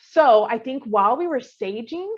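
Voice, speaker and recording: A woman co-hosting a podcast, telling a scary story in a casual, animated way, full of fillers and the odd swear word. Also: on the high side, normal speed, highs cut off. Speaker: podcast co-host.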